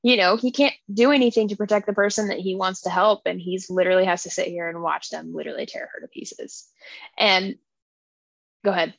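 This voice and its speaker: A young woman co-hosting a casual book podcast, retelling scenes in an animated, gushing way with lots of fillers. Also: medium pitch, fairly quick, vocal fry, dry recording. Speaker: podcast co-host.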